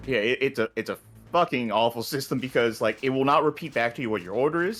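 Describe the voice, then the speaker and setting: A man's voice: mid-range voice, fast talker, a bit bright, soft background music. A man co-hosting a game stream, ranting casually and mimicking a drive-thru voice. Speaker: co-host. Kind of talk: casual gaming chat.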